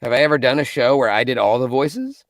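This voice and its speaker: A man's voice: mid-range voice, fast talker, dry recording. A man, a voice actor, chatting as a guest in an interview and telling stories with plenty of laughs. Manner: animated storyteller, laughs often. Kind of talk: casual interview chat.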